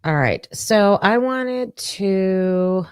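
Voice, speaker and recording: A woman's voice: medium pitch, lively intonation, extremely slow, smooth, no room sound, clean studio sound. A woman giving casual true crime commentary, thinking aloud and reading from her notes.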